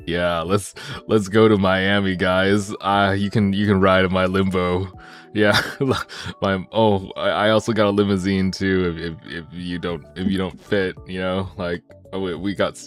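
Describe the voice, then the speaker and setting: Man putting on a boastful macho bro: low, lazy drawl, full swagger.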